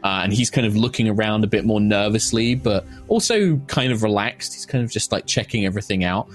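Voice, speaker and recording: A man's voice: lowish voice, animated, a little fast, faint music behind. A man narrating a tabletop game as game master, rambling with many fillers. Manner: rambling, filler-heavy description.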